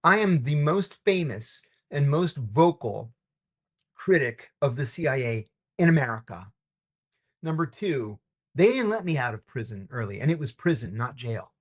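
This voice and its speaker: A middle-aged man, a former intelligence officer, telling stories in an interview with a lively, wry delivery. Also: mid-range voice, normal speed, breathy edge. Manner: lively, wry, acts out the people in his stories. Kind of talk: animated storytelling in an interview.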